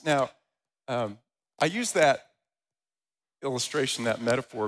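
Guy pastor preaching a sermon, middle pitch, lively storytelling, reads scripture out loud. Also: low-quality recording. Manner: animated storytelling with loud, rising quoted voices; reads scripture aloud in a steady voice.

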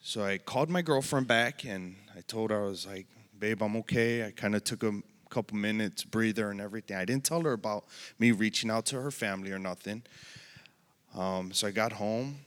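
A man's voice: on the low side, a bit bright. Earnest man giving a church testimony. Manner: earnest, emotional, halting. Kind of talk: personal testimony. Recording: long hall reverb.

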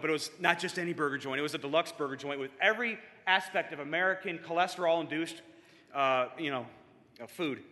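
Brief: lively male storyteller who acts out his characters, bright and punchy, slightly high-pitched, heard in a big reverberant hall. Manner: animated, self-mocking, acts out the people in his stories. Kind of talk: personal storytelling to a live audience.

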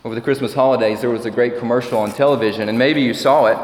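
A man's voice: mid-range voice, fairly even intonation, a little mellow. Male pastor preaching in an echoey church. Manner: measured preaching, slowing on scripture quotes. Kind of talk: sermon. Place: church sanctuary.

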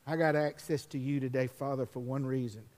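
A man preaching a sermon, building from conversational teaching to impassioned, high-pitched preaching. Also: fairly even intonation, brisk, darkish tone. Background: music.

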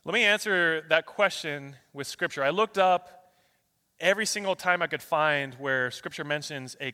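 A male pastor preaching a sermon, his delivery swinging between loud rapid bursts and soft slow passages as he runs through a long string of scripture verses. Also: mid-range voice, in a large hall. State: out of breath.

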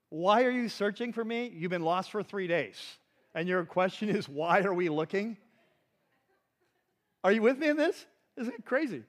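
High-voiced man preaching animatedly. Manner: animated teaching, rhetorical questions to the audience. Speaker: pastor. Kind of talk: sermon.

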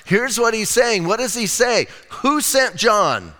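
A man preaching a sermon as pastor, in a casual, lively way with slang asides. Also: high-pitched, measured pace, hardly any pauses, in a large hall.

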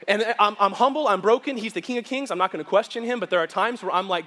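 A man preaching as pastor, telling a story with lively acted-out voices. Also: high voice, fast talker, long reverb tail. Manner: animated storytelling, acts out quoted voices. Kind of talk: storytelling sermon. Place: church sanctuary.

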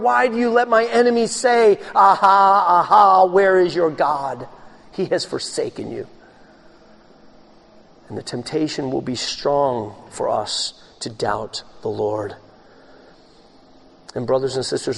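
A man preaching a sermon as pastor, swinging between loud, raised passages and hushed, low ones. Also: creaky.

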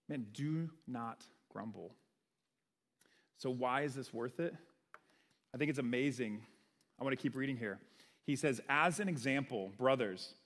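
A young man gives a relaxed, conversational sermon, tossing in "right?" to keep his listeners with him. His mid-range voice swings from animated to hushed. It rings out with the long reverb of a big church sanctuary. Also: mid-range voice. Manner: conversational, animated preaching with frequent "right?" asides. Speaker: pastor. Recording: long reverb of a large hall.

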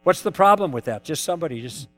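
Male lecturer, high voice, anecdotal teaching style with rhetorical questions. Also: animated, fast, fairly bright tone, soft background music. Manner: acts out both sides of past dialogues, poses questions to the audience. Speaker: lecturer teaching conversation tactics. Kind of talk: lecture told through personal anecdotes.

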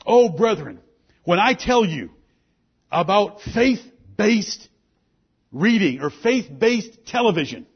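A man preaching to his church with a husky, high-pitched voice that swoops up and down with great animation. He delivers his sermon emphatically and lends scripture a solemn, old-style ring. The recording sounds dull and lo-fi. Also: sing-song, slow pace. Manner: emphatic preaching with King James scripture quotes. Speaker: pastor.

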